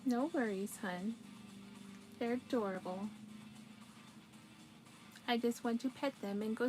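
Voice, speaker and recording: A woman's voice: on the high side, slow, long pauses, darkish tone, soft background music, rough recording. A woman casually chatting with her viewers during a crochet livestream, giggling often and answering their comments.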